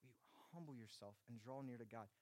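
A man's voice: medium pitch, fast talker. Man preaching an urgent sermon. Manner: urgent preaching, dropping soft then rising to emphatic. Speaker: pastor.

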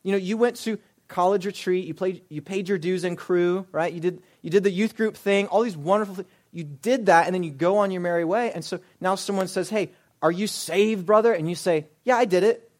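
A young adult male pastor with a notably high voice, delivering a sermon. He presses his points with rhetorical questions and swings between forceful pushes and quiet, hushed asides. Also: a little fast, hardly any pauses.

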